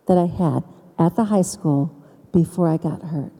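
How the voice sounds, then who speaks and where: Mellow-voiced woman giving a testimony in a hall. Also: fairly low pitch, expressive. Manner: storytelling with dramatic pauses and emphasis. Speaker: speaker giving faith testimony. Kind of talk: personal testimony speech.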